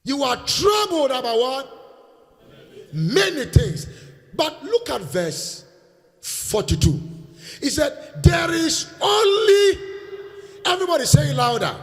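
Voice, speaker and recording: A Nigerian man preaching a sermon in a church hall, leading call-and-response and breaking into shouts. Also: very high voice, sing-song, unhurried, long pauses. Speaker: pastor. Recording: reverberant church hall, faint music.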